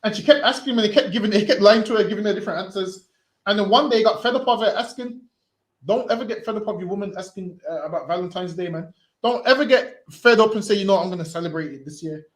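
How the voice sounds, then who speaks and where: A man street preaching forcefully, repeating himself and ending phrases with "man". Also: sits high, fast talker, roomy sound.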